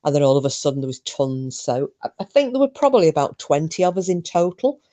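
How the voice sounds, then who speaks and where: A woman's voice: deep voice, sing-song, fast, mellow. A woman hosting a podcast, telling a story in a chatty, rambling way with frequent ums. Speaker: podcast host. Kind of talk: casual chat.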